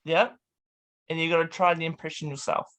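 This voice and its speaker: A man's voice: on the high side, level tone, a little fast, fairly bright tone. A man hosting a casual interview over a video call, upbeat and playful, giggling as he sets up games. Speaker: interview host.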